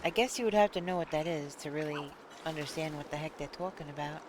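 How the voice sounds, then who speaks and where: A woman streamer chatting casually, reading chat aloud and thinking out loud. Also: sits low, fast, noisy background.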